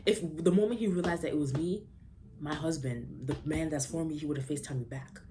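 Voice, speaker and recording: A young woman vlogger telling a story in a casual, sassy, animated way. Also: deep voice, fairly quick, background noise.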